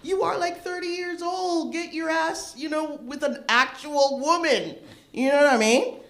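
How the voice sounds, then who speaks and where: A middle-aged woman doing a stand-up comedy set, profane and animated, laughing at her own jokes. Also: sits high, measured pace, roomy sound. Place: bar open mic stage.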